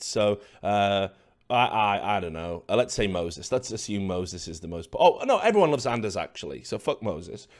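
A man hosting a commentary video, ranting in a sarcastic, profane and scornful way at his audience. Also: fairly low pitch.

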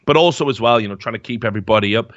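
Bright-voiced man rambling casually. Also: medium pitch, racing, no room sound. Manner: rambling, profane storytelling with many fillers. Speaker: podcast host. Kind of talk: casual chat. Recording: dull, dry lo-fi mic.

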